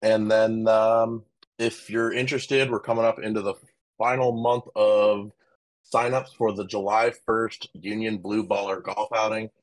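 A man's voice: fairly low pitch, little pitch movement, a little slow. A man on a sports panel show, talking casually in a rambling, hesitant way. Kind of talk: casual chat.

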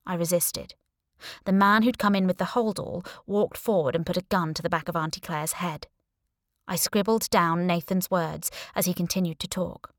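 A woman's voice: fairly low pitch, fairly even intonation, normal speed, no echo, clean studio sound. Woman narrating a thriller audiobook. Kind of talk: first-person audiobook narration.

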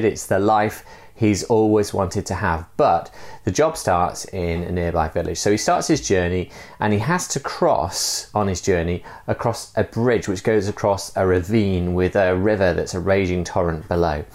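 A man's voice: on the low side, darkish tone. A man gives a church talk in a conversational way, with frequent "uh" fillers as he tells a story. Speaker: church speaker.

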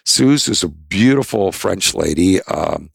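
Gravelly older man telling rambling stories. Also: deep voice, animated, measured pace, no echo. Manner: rambling, anecdotal, emphatic. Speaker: expert guest. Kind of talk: casual storytelling in a podcast interview.

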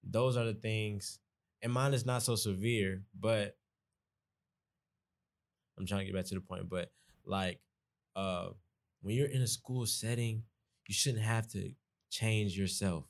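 A man's voice: on the low side, steady tone, measured pace, pauses often. A young man with a Southern Georgia accent, talking casually as a podcast guest, rambling and restarting his sentences. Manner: rambling, restarts often, folksy. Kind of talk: casual conversation.

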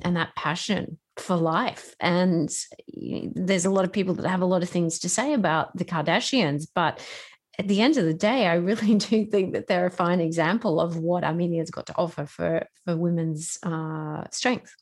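A woman hosts a conversational interview and asks reflective questions. She backs up her guest with soft murmurs, and her voice sits lower than usual for a woman. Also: moderate pace. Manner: reflective, encouraging with soft affirmations. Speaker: podcast host.

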